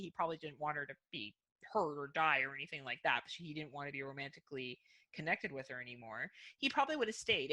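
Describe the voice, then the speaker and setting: Bright-voiced woman podcast co-host. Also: lowish voice. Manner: candid, swears freely; talkative, thinks aloud with many "like"s. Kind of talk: casual chat.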